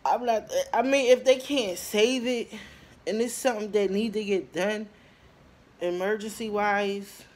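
A woman in her twenties talking casually to her viewers, telling her story with lively bursts and lots of fillers and pauses. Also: mid-range voice. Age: 20s. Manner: chatty, animated storytelling, addresses viewers as y'all; frequent fillers and trailing pauses. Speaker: vlogger. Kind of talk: casual talk to camera.

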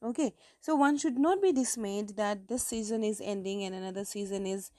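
A woman's voice: medium pitch, normal speed, warm tone, no room sound. A woman teaching an English literature lesson for exam preparation, explaining step by step with frequent okays and self-corrections. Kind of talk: exam-prep lecture.

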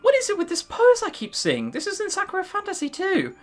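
Sarcastic let's-player, animated pitch, reads and mocks, faint music behind. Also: male voice, fairly quick. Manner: sarcastic, mocking asides. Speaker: visual novel let's-player. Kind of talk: reading aloud and commenting on a visual novel.

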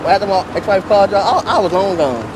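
A man's voice: sits high, quick pace. Tired, pleading arrested man, noisy. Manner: pleading, apologetic. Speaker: arrested driver. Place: outdoors at an arrest scene. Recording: noisy outdoor street audio.

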